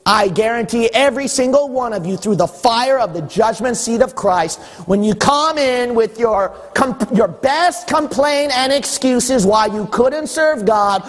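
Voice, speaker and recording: High, husky preacher in a reverberant hall. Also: male voice, expressive, a little slow, few pauses. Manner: exhorting, rhetorical questions, wry. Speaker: pastor. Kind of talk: sermon.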